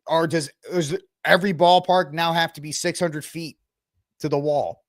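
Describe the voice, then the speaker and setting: A talkative man hosts his own podcast, rambling casually from topic to topic and speaking right to his listeners. His voice sits a little high for a man. The sound is dry and close, with no room echo. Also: fairly even intonation, normal speed. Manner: chatty, rambling, talks to the audience while browsing the web. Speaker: podcast host. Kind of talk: casual solo commentary.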